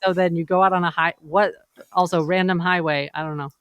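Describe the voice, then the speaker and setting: A woman's voice: fairly low pitch, fairly quick, smooth, no echo, muffled recording. Chatty woman on a dry, close mic. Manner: chatty and animated, slipping into quoted voices. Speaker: podcast co-host. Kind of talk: casual chat.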